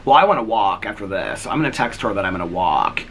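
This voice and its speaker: A man's voice: fairly low pitch, sing-song, fast talker, a bit bright, a little hiss or hum. A middle-aged man chatting casually in a daily vlog from his front porch, retelling his day with quoted back-and-forth dialogue. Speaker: vlogger.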